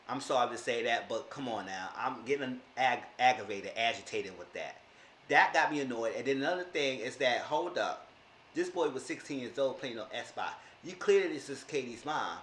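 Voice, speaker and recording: A man's voice: mid-range voice, a bit bright, a little hiss or hum. Exasperated man recapping in an echoey room. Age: 30s. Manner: emphatic, exasperated, repeats phrases. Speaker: TV episode reviewer. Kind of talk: casual recap commentary.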